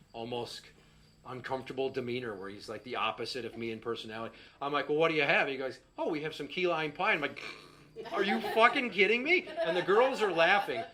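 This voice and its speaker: A middle-aged stand-up comedian tells a profane, exasperated story, acting out the quotes. His mid-range voice is brisk with a fairly bright tone.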